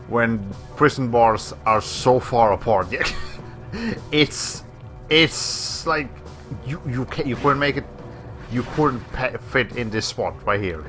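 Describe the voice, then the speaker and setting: Rambling male game streamer, bright voice. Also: medium pitch. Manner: rambling, laughs often, self-correcting. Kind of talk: casual gameplay commentary.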